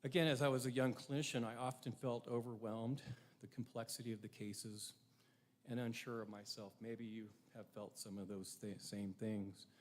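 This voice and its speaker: A man's voice: mid-range voice, fairly even intonation, moderate pace. A middle-aged man giving a prepared ceremony speech, earnest and reflective, with rhetorical questions to his audience. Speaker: ceremony speaker.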